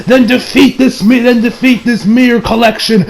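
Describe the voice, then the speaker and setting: A man voicing a proud, fearless male warrior, declaiming slowly and drawn out. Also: very high voice, steady tone, gravelly. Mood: challenging.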